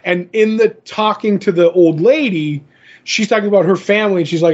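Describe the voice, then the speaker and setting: A man co-hosts a casual comic book podcast, wandering through his thoughts as he retells scenes and slips into quoted voices. His voice sits a little high. The audio is muffled and lo-fi. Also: fairly quick, darkish tone. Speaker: podcast co-host.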